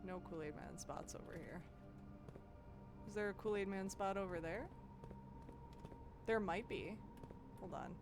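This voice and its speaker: Woman streamer from the midwest, unhurried, giggly, thinking out loud, faint game music behind. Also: medium pitch. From American Midwest. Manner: musing aloud, giggly, chatting with viewers. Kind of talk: live gameplay commentary.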